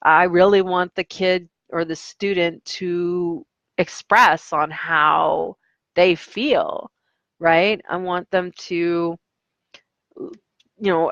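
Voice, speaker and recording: A woman's voice: on the low side, a bit bright, no room sound, dull audio. A young adult woman, an online English teacher, chatting casually about her classes and acting out her students in quotes. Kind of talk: casual vlog storytelling.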